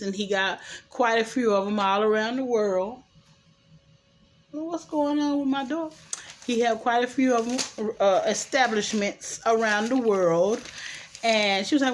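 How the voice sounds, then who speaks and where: A woman, chattily recapping a TV drama episode and acting out the characters' lines. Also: fairly high pitch. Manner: chatty, animated retelling with quoted dialogue and opinions. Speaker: show recap host.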